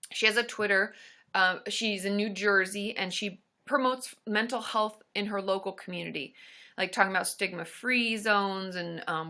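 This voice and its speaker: A woman's voice: mid-range voice, bright, forceful tone. A woman hosting a casual live stream, chatting with viewers and reading their comments in a rambling, friendly way. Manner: chatty and rambling, with many fillers and asides to viewers.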